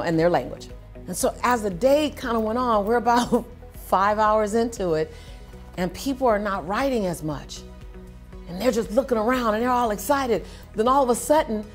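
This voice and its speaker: A middle-aged woman, a motivational speaker, telling a story in a lively way, laughing and acting out voices. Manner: lively, laughing, acts out voices with big pitch jumps. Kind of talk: animated storytelling.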